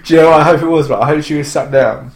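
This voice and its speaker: A man's voice: a little high, racing, darkish tone, reverberant. A man chatting in casual banter, sweary and incredulous, with lots of disbelieving rants. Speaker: podcast co-host.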